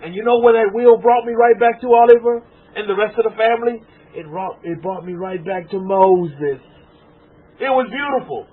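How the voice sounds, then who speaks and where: A tearful man from Texas preaches in a fervent rush, jumping from loud cries to soft murmurs. His voice sits high and husky. The sound is thin and tinny, like a phone line. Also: moderate pace. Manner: fervent, swings from loud exclaiming to hushed murmuring. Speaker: rabbi. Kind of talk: emotional sermon to an online congregation.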